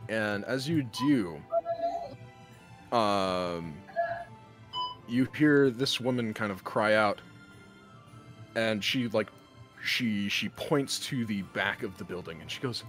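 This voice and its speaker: A man narrating a tabletop game as game master, lively and animated, jumping into loud high voices for the townsfolk. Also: takes it slowly, long pauses, faint music behind.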